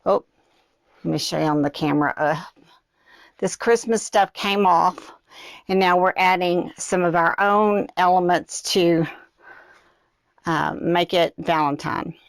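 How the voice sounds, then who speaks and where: Woman, middle-aged, craft host, chatty with viewers, unhurried pace, a bit breathless. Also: fairly low pitch, gravelly, dry recording. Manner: chatty, talks to viewers directly. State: slightly out of breath. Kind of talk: live craft demonstration.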